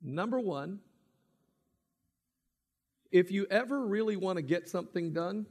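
A man preaching a sermon, swinging from booming emphasis to hushed, intimate passages, with slow, deliberate stresses. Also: expressive.

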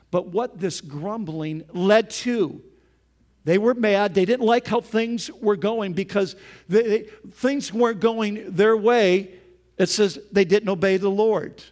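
High-voiced man preaching a sermon. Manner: preaching, reads scripture aloud, asks the congregation questions. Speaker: pastor.

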